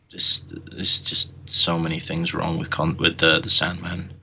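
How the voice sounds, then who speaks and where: Blunt man, low and bright. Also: completely flat delivery, takes it slowly, vocal fry, a little hiss or hum. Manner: blunt, heated, heavy swearing. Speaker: podcast co-host. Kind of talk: casual chat. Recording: dull lo-fi sound.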